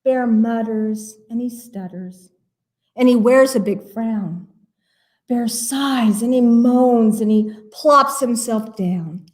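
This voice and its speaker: Her voice a little high and her pace slow, a woman reads a rhyming picture book aloud at a library storytime. She's expressive and playful, with side comments about the pages.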